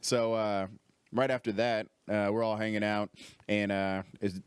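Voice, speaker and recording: Low-voiced man telling a wild story. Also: measured pace, clear, resonant tone, dry recording, studio quality. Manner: animated, swearing, jumps up in pitch when quoting others. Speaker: comedian guest. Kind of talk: casual storytelling.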